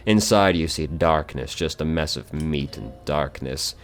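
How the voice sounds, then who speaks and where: Deep-voiced man reading game text. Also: measured pace, soft background music. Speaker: let's player.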